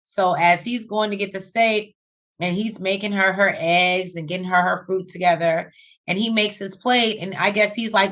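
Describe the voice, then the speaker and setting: A woman's voice: medium pitch, fairly even intonation, normal speed, fairly bright tone. A woman co-hosting a casual reality-TV recap, telling scenes with quoted dialogue. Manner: chatty storytelling with quoted dialogue. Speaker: co-host.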